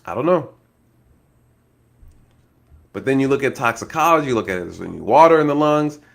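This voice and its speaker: In a gravelly, mid-range voice and at a brisk pace, a former law enforcement officer casually comments on true crime. He laughs often, stays animated, repeatedly addresses his viewers, and acts out scenarios that could have occurred.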